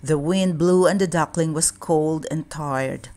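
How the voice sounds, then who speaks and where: A woman reading a children's storybook aloud in a calm, measured way. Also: low-pitched, noisy background. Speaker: children's book reader.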